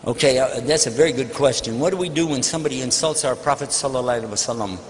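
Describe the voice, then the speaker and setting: A man's voice: mid-range voice, racing. A man answering an audience question at a religious lecture, telling a personal story and acting out the dialogue. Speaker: Islamic speaker. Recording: long hall reverb, faint noise.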